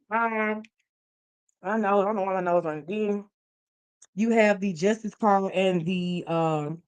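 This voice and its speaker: A woman hosting a live stream of tarot readings, joking and preaching straight to her viewers in a casual, animated way. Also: medium pitch, no echo.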